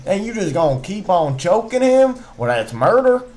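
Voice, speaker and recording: A man's voice: high-pitched, big pitch swings, moderate pace, a little mellow. A man co-hosting a podcast, ranting in casual chat while hamming up a put-on Southern twang, riffing and repeating himself with some profanity. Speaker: podcast co-host.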